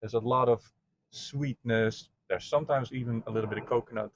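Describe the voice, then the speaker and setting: A man's voice: mid-range voice, steady tone, brisk, a little hiss or hum. A man, a brewer, explaining barrel aging at length in a casual tasting chat.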